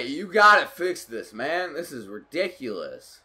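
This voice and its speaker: A young man commentating his own hockey video game match, getting excitable and frustrated at the game. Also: on the high side, a little slow. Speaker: gaming YouTuber. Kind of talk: live gameplay commentary.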